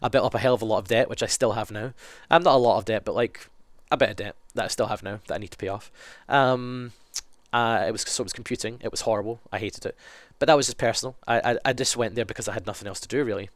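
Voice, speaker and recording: A man's voice: on the low side, quick pace, dry recording. A young man with a cold, answering fan questions in a rambling, self-correcting chat. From Scotland. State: sick with a cold, sniffly. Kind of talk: casual Q&A monologue.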